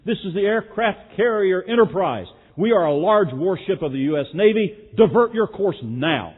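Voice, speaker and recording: A man voicing an angry navy captain giving orders over the radio, in a loud, insistent manner. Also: on the high side, expressive, normal speed, voice pushed up. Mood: commanding. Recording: echoey hall, phone-like sound.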